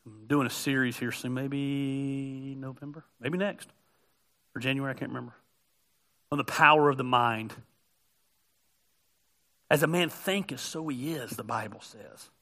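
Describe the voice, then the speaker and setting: A middle-aged male pastor giving a conversational, joking sermon that builds to loud, emphatic peaks. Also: mid-range voice, measured pace, pauses often.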